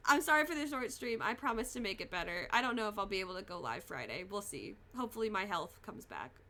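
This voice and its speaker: A woman's voice: mid-range voice, animated, fast talker, pushed and bright. A young woman streaming a game, talking casually to her chat in a sick, congested voice, tired and apologetic as she holds back a cough. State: fighting a cough. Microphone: desk mic, no camera.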